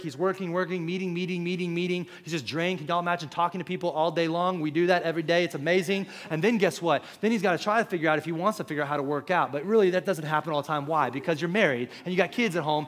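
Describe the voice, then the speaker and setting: A man's voice: fairly high pitch, fairly bright tone. A young man preaching a sermon in a church, talking conversationally with asides to the congregation. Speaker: pastor. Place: church auditorium.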